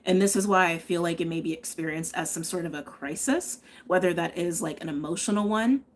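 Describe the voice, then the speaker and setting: A woman's voice: fairly low pitch, a little fast, a little hiss or hum. A woman giving a live tarot and astrology reading, chatting and thinking aloud, often checking in with "okay?". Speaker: tarot reader.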